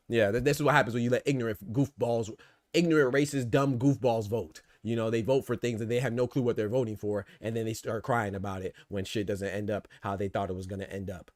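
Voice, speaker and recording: A man hosting a podcast, riffing in casual, animated commentary full of rhetorical asides and swearing. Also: fairly low pitch, brisk, no room sound, clean studio sound. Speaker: podcast host. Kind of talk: casual boxing and politics commentary.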